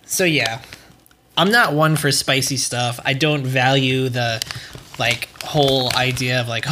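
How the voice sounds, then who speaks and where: A young man hosting a podcast in loose, rambling chat, swearing freely as he goes. His voice is bright and forward, pitched in a middle range. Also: fairly even intonation, measured pace, a little hiss or hum. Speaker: podcast host. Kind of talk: casual chat.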